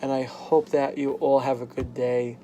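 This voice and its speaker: A young man talking frankly in a personal vlog at home, halting and full of "like" fillers. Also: mid-range voice, level tone, warm tone, a little hiss or hum. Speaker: vlogger. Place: home, at a workbench.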